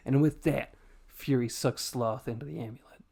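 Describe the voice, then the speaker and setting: A man's voice: medium pitch, steady tone, normal speed, vocal fry, darkish tone. A man hosting a podcast, casually recapping a story, laughing often and swearing in a self-deprecating way. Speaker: podcast host.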